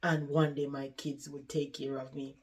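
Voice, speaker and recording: A tired old woman looks back on a life of overwork with quiet regret, voiced by a woman retelling her story. The speech is slow and heavy and sits near tears. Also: rumbling low, level tone. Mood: weary. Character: weary regretful older woman in care.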